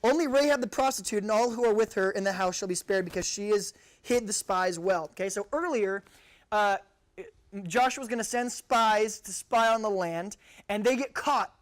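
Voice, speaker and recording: A man's voice: sits high, moderate pace. Man giving a jokey youth sermon. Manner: jokey, conversational, acts out quotes. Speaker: youth pastor.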